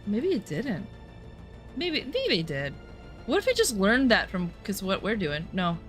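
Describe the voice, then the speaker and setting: A woman's voice: medium pitch, very animated, a little slow, faint music behind. A woman chatting casually and profanely while streaming a game, full of rambling asides. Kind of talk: casual gameplay commentary.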